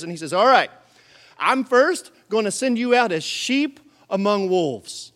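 Animated pastor man preaching, high voice. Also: moderate pace. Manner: animated, acts out voices and jokes. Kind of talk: sermon.

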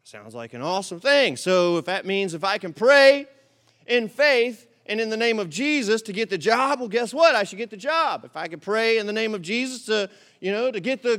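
High-voiced man preaching, animated storytelling. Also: moderate pace. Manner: storytelling with frequent "all right?" asides; animated, comic delivery. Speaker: pastor. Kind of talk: sermon.

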